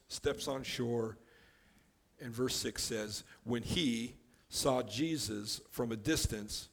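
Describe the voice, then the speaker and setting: Man teaching scripture in a relaxed way. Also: medium pitch. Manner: relaxed and explanatory, with offhand joking asides. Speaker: Bible teacher. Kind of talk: conversational Bible teaching.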